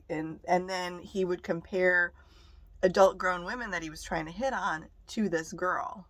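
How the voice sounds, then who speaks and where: A woman's voice: lowish voice, steady tone, a little slow, fairly bright tone, no room sound. A young woman vlogger telling stories to the camera in a blunt, profane, casual way. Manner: blunt and profane, laughing between remarks.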